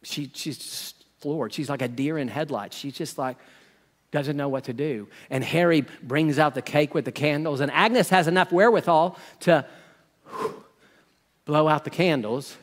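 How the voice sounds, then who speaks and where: Animated folksy preacher telling a story. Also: male voice, on the high side, normal speed, big-room sound. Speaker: pastor. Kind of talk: sermon storytelling.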